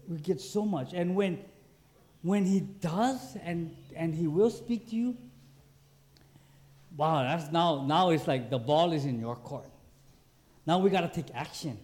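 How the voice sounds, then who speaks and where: Male preacher, high-pitched, lively storytelling sermon delivery. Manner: animated, acts out quoted voices. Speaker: pastor.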